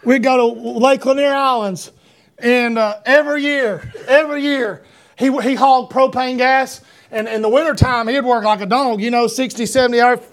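High-voiced Southern preacher rambling through stories. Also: male voice, fairly even intonation, moderate pace. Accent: Southern US, Georgia. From Georgia, US. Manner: rambling, self-deprecating, stumbling restarts, rising to shouts. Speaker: pastor. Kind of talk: sermon with personal stories.

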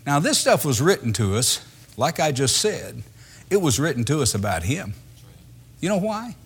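Lively conversational male preacher. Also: fairly high pitch, normal speed, husky. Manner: lively and conversational, acts out voices with laughter. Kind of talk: sermon.

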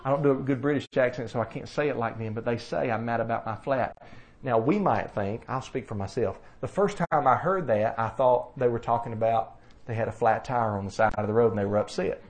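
A man's voice: medium pitch, fairly quick, few pauses. A man with a Southern US accent preaching a sermon in a folksy, plainspoken way, asking rhetorical questions. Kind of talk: sermon teaching.

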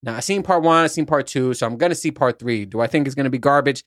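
Middle-aged male podcast host, rambling and profane, mid-pitched voice, dry room. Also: quick pace, no echo. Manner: rambling, profane, self-mocking. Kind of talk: casual solo podcast chat. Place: at his workplace on lunch break.

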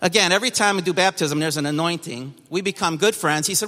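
Brief: man sharing his testimony to a congregation, emphatic and bright-toned, long hall reverb. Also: fairly high pitch, fast. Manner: emphatic, storytelling. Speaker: church testimony speaker.

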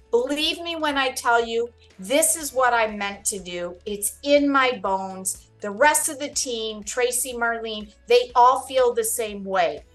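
A woman hosts her Medicare podcast with a somewhat high voice, sounding upbeat and reassuring. She talks expressively, at times playfully dramatizing a listener's worries before calming them down. Faint music plays underneath. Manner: expressive, playfully dramatizes panic then soothes. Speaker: podcast host and Medicare advisor.

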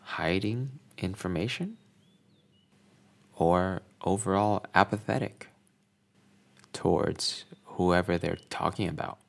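A man giving a scripted lesson in a measured, deliberate way. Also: sits low, creaky. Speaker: instructor.

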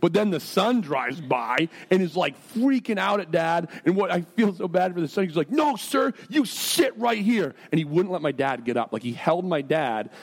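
A man preaching a sermon as pastor. He talks in an animated, self-deprecating, joking way, moving between stories and earnest prayer. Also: a little high, normal speed, few pauses.

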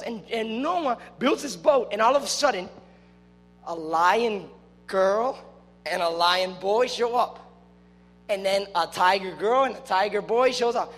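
A young man giving a casual, playful youth sermon, joking and breaking into loud excited shouts. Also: high voice. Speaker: youth preacher. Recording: long hall reverb with faint music.

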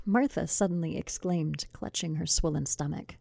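A woman's voice: on the low side, expressive, normal speed, warm tone, dry recording. A woman narrating a comic fairy tale in a wry, scripted way, with conversational asides, recorded close to the mic. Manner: whispered intro. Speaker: storyteller.

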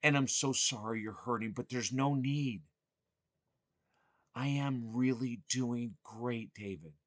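A man quoting his late mother, voicing her as a gentle, soothing older woman speaking softly and hushed. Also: mid-range voice, takes it slowly, no echo. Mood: tender, reassuring.

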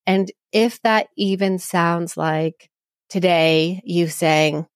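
Low-voiced woman therapist, reassuring. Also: fairly even intonation, slow, no echo, studio quality. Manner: earnest, reassuring, explains with examples. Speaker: psychologist and couples therapist guest. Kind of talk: conversational podcast interview.

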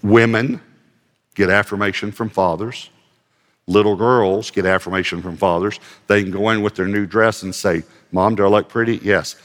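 A man preaches a sermon in a low voice, and long hall reverb rings around his words. He talks in an easy, conversational way, mixes in wry humor at his own expense and reads scripture out loud. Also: fairly even intonation, moderate pace. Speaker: pastor.

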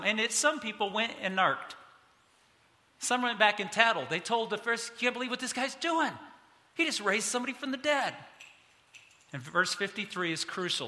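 A middle-aged man preaching a sermon as pastor, animated, his voice climbing high when he gets excited. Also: in a large hall.

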